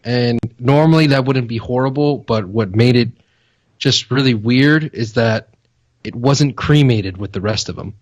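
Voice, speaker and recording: A man co-hosting a fantasy football podcast, talking in a laid-back, deadpan way. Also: mid-range voice, unhurried, dry recording. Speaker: podcast co-host. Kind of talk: casual podcast banter.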